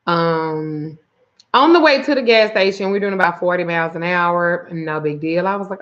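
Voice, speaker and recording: Hosting a casual livestream, a root worker who gives spiritual readings tells an exasperated, profanity-laced story and calls out viewers by name. Her voice sits on the low side with a slightly bright quality, moving at normal speed, and the recording sounds muffled.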